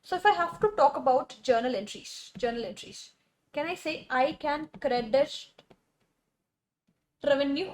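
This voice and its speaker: A woman's voice: high-pitched, animated, a little slow, pauses often. A young woman giving a classroom accountancy lecture, repeating key terms and quizzing her students.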